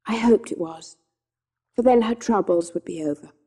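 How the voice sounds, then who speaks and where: A woman narrating an audiobook of a classic children's novel in a measured, gentle reading. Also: medium pitch. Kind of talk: scripted storybook narration.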